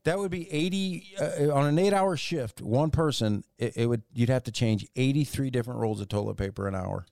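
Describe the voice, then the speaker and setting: A man co-hosts a comedy podcast with a gravelly, low-set voice. He jokes crudely, laughs easily and rambles through plenty of fillers. The sound is dry and close. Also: fairly quick, few pauses, a little mellow, dry recording. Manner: jokey, crude, laughs a lot, many fillers. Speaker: podcast co-host. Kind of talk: casual comedic chat.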